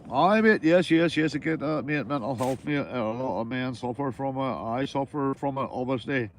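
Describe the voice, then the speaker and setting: This is a livestreaming fisherman from Northern Ireland, casual and full of banter, who swears freely and calls his viewers mate. His mid-range voice goes at a normal speed, with a little background noise in the recording.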